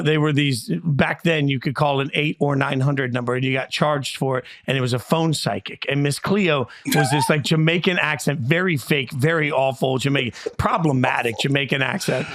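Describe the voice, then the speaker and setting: Brief: male sports show host, casual and joking, a bit high-pitched. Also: normal speed, a bit bright. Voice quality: joking, rambling.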